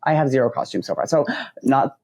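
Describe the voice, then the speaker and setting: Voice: medium pitch, lively intonation, fast, vocal fry, a little mellow, slightly rough. A podcast co-host in casual chat, animatedly acting out quoted conversations while telling a story.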